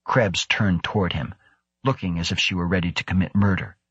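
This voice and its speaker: A man narrating a science fiction audiobook in a measured, even storytelling manner. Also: sits low, slightly rough, dry recording, lo-fi sound. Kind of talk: scripted narration.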